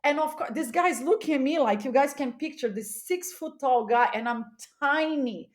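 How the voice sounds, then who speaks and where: A woman guest on a podcast telling a candid, animated story, often laughing and repeating words for emphasis. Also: high voice, normal speed.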